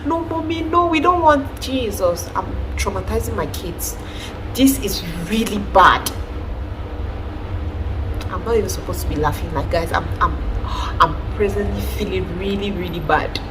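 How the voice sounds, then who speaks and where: A woman, talking casually to her viewers in an animated, preachy way and often laughing. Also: on the low side, measured pace, pauses often, background noise. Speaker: vlogger, mother. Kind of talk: casual talk to camera.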